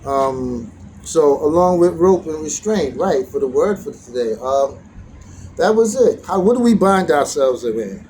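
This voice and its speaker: A man's voice: on the high side, expressive, a little slow, a little mellow, a little hiss or hum, rough recording. A man vlogging outdoors, telling a meandering reflective story as part of a daily teaching, with frequent restarts and bursts of animation when he retells being challenged.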